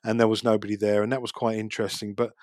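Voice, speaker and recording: A man's voice: fairly low pitch, level tone, rapid-fire, darkish tone, no room sound, clean studio sound. A man, talking casually about street photography and city life, chatty with frequent restarts. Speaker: street photographer, podcast guest. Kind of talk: casual chat.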